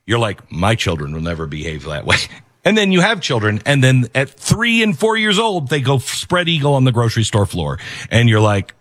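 A man's voice: mid-range voice, a bit bright, no echo, clean studio sound. A man hosting a commentary show, talking emphatically and repeating key phrases for weight. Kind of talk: opinionated commentary.

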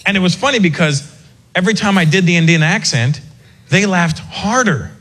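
A male comedian doing a stand-up set with animated storytelling and quick asides. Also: high voice. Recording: live set with audience noise.

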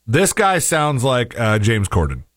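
A man's voice: mid-range voice, wildly swooping pitch, a little slow, fairly bright tone, dry recording, studio quality. A man co-hosting a talk show, rambling and hesitant in casual chat with many fillers. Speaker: co-host.

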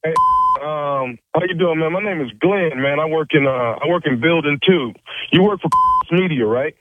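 A man's voice: fairly high pitch, normal speed, no echo. A man making a prank phone call, pushy and stammering, stifling laughs as he presses the other man. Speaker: prank caller. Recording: tinny dry phone line.

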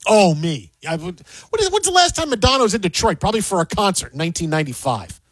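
High-voiced man in lively banter. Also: fast, no room sound. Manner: animated, rambling with repeated restarts. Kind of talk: casual sports banter.

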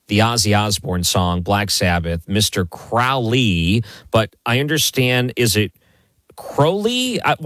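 A man hosting a late-night radio talk show from his basement office. His voice sits fairly low and sounds dry and close. He asks his questions in a chatty, animated way. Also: no room sound. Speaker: host.

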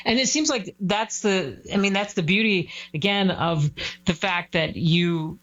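A woman hosts the interview in a fairly low voice. She asks long, rambling, enthusiastic questions. The recording sounds dull and muffled. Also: measured pace, a bit bright.

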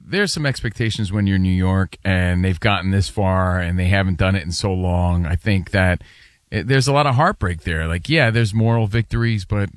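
A man's voice: deep voice, moderate pace, no room sound, studio quality. A man co-hosting a sports talk show, arguing his opinions with emphatic repetition. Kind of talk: casual sports debate.

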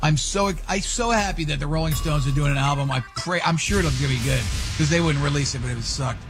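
A man's voice: fairly high pitch, brisk, over music. A man hosting a radio show, reading entertainment news with sarcastic asides.

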